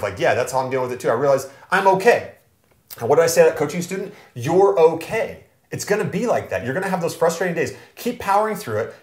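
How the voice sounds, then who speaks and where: Animated man giving casual business advice. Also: medium pitch, echoey room. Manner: energetic, animated storytelling. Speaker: real estate investor and mentor.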